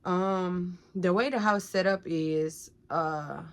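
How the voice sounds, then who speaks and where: A woman's voice: on the low side, slow pace. A young adult woman from Georgia, telling her life story casually to viewers, with lots of "like" and "y'all.". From Georgia, USA. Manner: talkative, frequent "like" and "y'all" addressing viewers.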